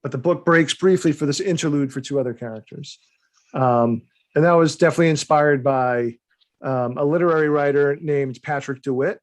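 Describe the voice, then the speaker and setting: A man's voice: a little high, fairly quick. A man, a guest author, talking casually on a video call, rambling with restarts and small laughs. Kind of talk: casual interview chat.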